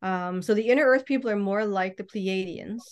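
Woman guest on a podcast, rambling, lots of ums and restarts, mid pitch. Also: moderate pace, clear, resonant tone. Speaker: guest mystic. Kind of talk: casual podcast chat. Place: podcast recording, remote or studio.

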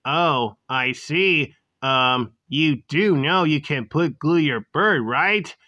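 A woman voicing a shy new teenage boy student with an emo look, speaking softly and hesitantly. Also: deep voice, animated, slow, dry recording, lo-fi sound, voice pushed down, exaggerated voice. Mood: subdued.

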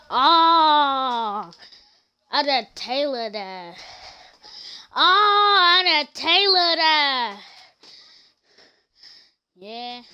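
A woman streamer plays out silly skits in a high, bright voice. She talks slowly between loud, playful shouts. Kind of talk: comedic skits with character voices.

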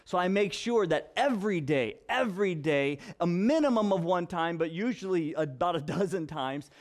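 Pastor, male, young dad, high voice, animated anecdotal preaching style. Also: normal speed. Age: young father. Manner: animated storyteller, repeats himself for effect. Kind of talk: conversational sermon with personal stories.

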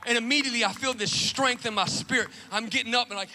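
A middle-aged man preaching a lively sermon, telling stories animatedly and acting out scenes. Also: extremely high pitch, fast talker, few pauses. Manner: animated storytelling, acts out movie scenes. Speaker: pastor. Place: church sanctuary. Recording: long reverb of a large church hall.

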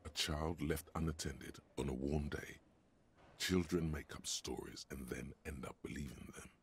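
An actor voicing a deep-voiced male inner narrator in a video game, measured and wry. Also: breathy edge, heavily acted. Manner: measured, wry, hushed at times.

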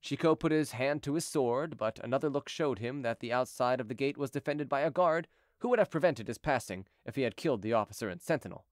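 A man narrating an audiobook in a scripted, expressive reading. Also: mid-range voice, fast talker, no room sound, studio quality.

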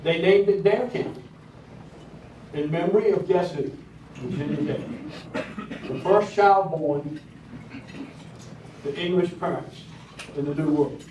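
This Southern-accented county commissioner in his 60s speaks slowly at a breakfast event, his folksy public talk broken by frequent pauses and hesitant fillers. His pitch is fairly high and his tone warm. Captured from afar in an echoey hall, the muffled audio has slight background noise and the clink of cutlery and dishes.

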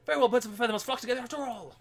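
A man's voice: very high voice, rapid-fire, gravelly, faint music behind, pitched above the performer's own voice. A man voicing an eccentric male pigeon who sets off on a grand quest, speaking in a mock-solemn, theatrical way. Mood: grandiose.

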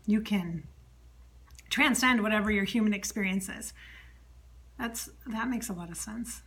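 A woman medium talking alone, chatty, relaying an unseen spirit's words and often dropping to a soft whisper. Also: medium pitch. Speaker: psychic medium. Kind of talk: solo channeling monologue.

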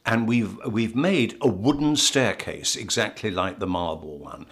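A man's voice: fairly low pitch, animated, unhurried, a bit bright. An older English man, an actor, telling anecdotes in an interview, with frequent stammered restarts. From England. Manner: storytelling with stammered restarts and laughs. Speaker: actor guest.

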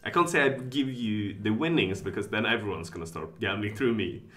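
A man streaming live, thinking aloud, reading chat and getting excitable. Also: on the low side, brisk. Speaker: casino streamer.

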